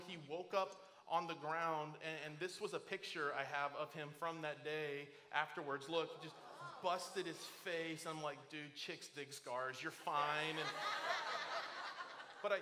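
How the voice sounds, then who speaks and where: Middle-aged male pastor, high, bright and forceful, animated storyteller who acts out the voices in his stories. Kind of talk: sermon. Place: church auditorium.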